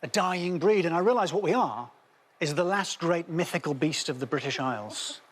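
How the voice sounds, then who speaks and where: A man's voice: fairly high pitch, animated, a little fast. A man doing a wry, self-mocking stand-up routine in a TV studio. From half Scottish. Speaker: comedian panellist. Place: TV studio with audience. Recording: studio audience laughter and noise.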